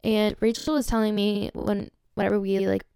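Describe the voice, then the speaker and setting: A nineteen-year-old woman from Southern California telling a story on her own podcast, bubbly and excitable, full of "like" and "literally". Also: medium pitch, normal speed, vocal fry, smooth, no echo, clean studio sound. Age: young adult, around 19. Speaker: podcast host. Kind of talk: casual storytelling monologue.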